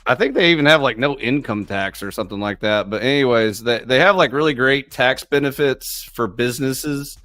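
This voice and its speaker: A man's voice: medium pitch, brisk, few pauses, fairly bright tone, dry recording. A man joining a live stream chat, dropping dry joking asides. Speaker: stream guest. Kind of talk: casual chat.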